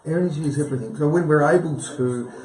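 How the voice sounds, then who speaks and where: A man's voice: on the high side, fast talker, a little mellow, echoey room, far from the mic, low-quality recording. A man speaking as a guest healer on a live TV chat show, talking earnestly, rambling and repeating his phrases.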